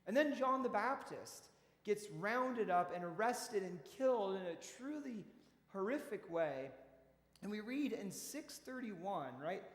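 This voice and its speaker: A man preaching a sermon in a relaxed, conversational way, telling stories with frequent restarts. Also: sits high. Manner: folksy storytelling with frequent restarts. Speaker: pastor. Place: church. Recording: echoey church hall.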